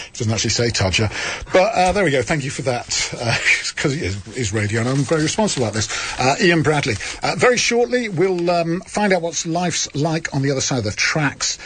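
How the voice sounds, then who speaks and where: Husky, lively middle-aged radio host. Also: male voice, a little high, a little fast. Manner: dry, self-mocking banter. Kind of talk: radio talk show.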